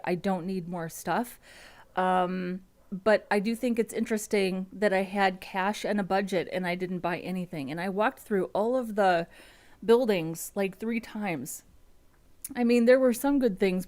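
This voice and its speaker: A woman's voice: mid-range voice, a little mellow. Chatty woman hosting a coding stream. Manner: chatty and rambling, restarts sentences. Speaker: front-end developer hosting a coding live stream. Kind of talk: casual live-stream chat. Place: at home.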